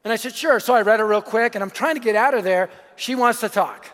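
A man preaching a sermon, energetic and emphatic, telling a story and acting out the people in it. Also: sits high, fast, in a large hall. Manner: energetic, emphatic, acts out quoted voices.

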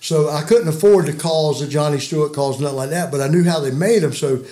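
This man in his sixties, a rambling, chuckling guest, tells folksy hunting stories at a fairly quick pace. His voice is on the high side with a dark tone.

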